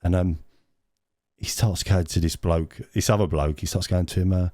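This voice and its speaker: A man with a very low voice tells a long rambling story on a podcast, often stopping to restart his sentences. His voice sits close and dry on the mic. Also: steady tone, normal speed, mellow, dry recording. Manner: rambling anecdote with frequent laughs and restarts. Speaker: podcast co-host. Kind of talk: casual storytelling chat.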